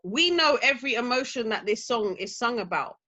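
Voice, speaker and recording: A woman's voice: on the high side, animated, a little fast, background noise. A woman DJ guest in casual podcast chat, talking emphatically and laughing easily.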